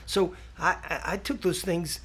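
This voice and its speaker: With slight background noise, a high-pitched man speaks a little slowly as a podcast guest in casual interview chat. He's an animated storyteller, full of restarts and acted-out quoted exchanges.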